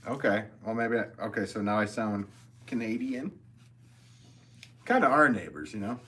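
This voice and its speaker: A man's voice: lowish voice, lively intonation, normal speed, pauses often, bright, forceful tone, husky. A man, a potter hosting a livestream, talking loosely in a casual, rambling way and reading viewer comments aloud. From American Northeast.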